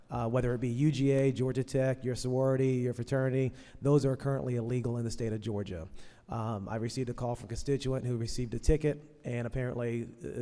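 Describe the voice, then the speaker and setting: A man presents a bill to a committee in a mellow, warm voice. He talks conversationally with a light joking touch. The hall around him gives a long, echoey tail. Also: medium pitch. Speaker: state legislator presenting a bill. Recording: echoey hearing room.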